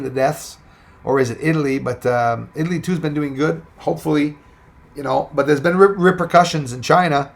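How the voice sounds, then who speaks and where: A man hosting a casual livestream, rambling and greeting viewers as he reads their comments aloud. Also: a little high. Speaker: livestream host.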